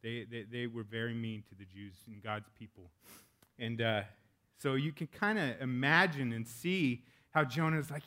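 A man's voice: medium pitch, normal speed, sharp tone. A male pastor preaching a sermon in a casual, candid way, with joking asides.

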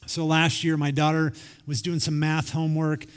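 Higher-voiced man preaching in a reverberant hall. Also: completely flat delivery, normal speed, clean tone. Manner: conversational, acts out quoted dialogue. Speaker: pastor. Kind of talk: sermon. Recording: long reverb of a large hall.

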